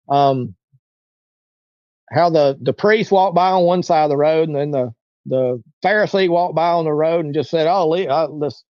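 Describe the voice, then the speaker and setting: In a muffled recording with no room sound, a man with a slightly high voice tells a long personal story in casual interview talk. As the guest, he rambles, repeats himself, and acts out the voices of people he quotes.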